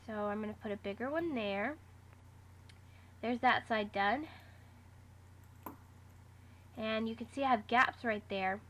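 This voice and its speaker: A woman's voice: fairly high pitch, a bit bright, slight background noise. Chatty woman explaining a craft project. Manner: chatty, step-by-step instructions with fillers. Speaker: craft vlogger. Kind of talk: casual how-to tutorial.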